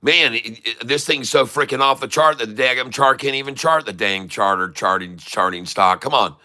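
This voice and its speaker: A middle-aged man hosting a day-trading channel, giving excitable, exclamatory live trading commentary with mild cursing. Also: medium pitch, normal speed, no echo.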